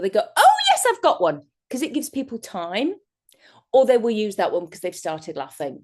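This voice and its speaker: A woman's voice: medium pitch, a little mellow. A woman giving a chatty, rambling workshop talk as a guest speaker over a video call, often breaking into laughter. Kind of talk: online workshop presentation.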